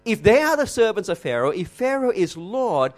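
A man preaching an expository sermon, emphatic, slowing down and repeating words for effect, with rhetorical questions. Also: sits high, big pitch swings.

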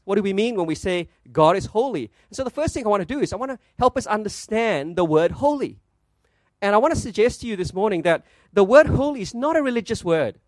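Pastor, male, high-pitched, dry close mic; preaches with rhetorical questions, slows to stress. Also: dry recording. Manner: asks rhetorical questions, stresses words slowly. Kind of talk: sermon.

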